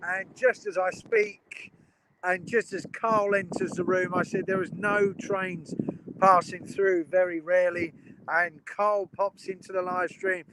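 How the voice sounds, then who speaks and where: Male live streamer outdoors by the tracks, high and chatty, faint wind behind. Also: fairly bright tone, low-quality recording. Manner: chatty and enthusiastic, greets viewers by name. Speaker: train spotting live streamer. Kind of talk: casual live-stream commentary. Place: outdoors beside a railway line by a river.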